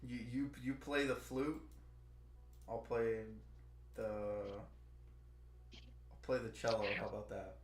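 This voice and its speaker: A man chatting casually on a stream, teasing his friend with quick questions. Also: medium pitch, echoey room. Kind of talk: casual chat.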